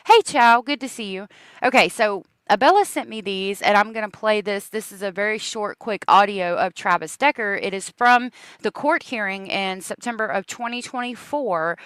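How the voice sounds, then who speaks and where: A woman's voice: medium pitch, normal speed, a bit bright, clean tone, no echo. A woman hosting a casual true crime livestream, chatting with viewers and laughing often.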